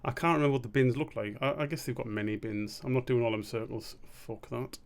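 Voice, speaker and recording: Man, cartoonist on live stream, casual muttering commentary, swears a lot, medium pitch. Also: fairly even intonation, fast. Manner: rambling and muttering to himself, swearing freely. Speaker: cartoonist streaming a drawing session.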